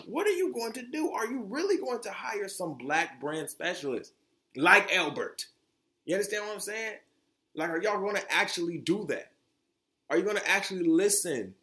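A man's voice: high-pitched, sharp tone. A young man hosting his own podcast, talking bluntly and with lots of profanity, often restarting his sentences. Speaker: podcast host. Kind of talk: opinionated solo podcast talk.

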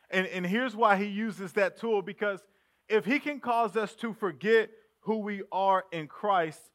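A male pastor preaching a sermon in a relaxed, conversational way, calling the congregation family. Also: sits high. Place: church sanctuary.

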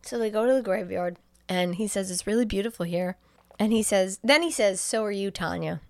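A woman's voice: mid-range voice, fairly quick, gravelly, no room sound, studio quality. A young adult woman co-hosting a podcast, recapping a film scene by scene and acting out the characters' lines. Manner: animated storyteller acting out lines, laughs often. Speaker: podcast co-host retelling a movie. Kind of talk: casual chat recapping a film.

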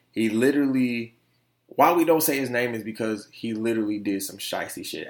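Man, podcast host, casual storytelling, profane, animated, roomy echoey sound. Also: fairly low pitch. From Detroit, USA. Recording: roomy echo.

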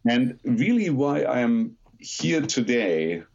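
A middle-aged man with a German accent, a podcast guest who tells his story with lively, self-deprecating humor. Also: mid-range voice, slow pace, creaky, dull audio. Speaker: podcast guest, aerospace lawyer. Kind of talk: conversational podcast interview.

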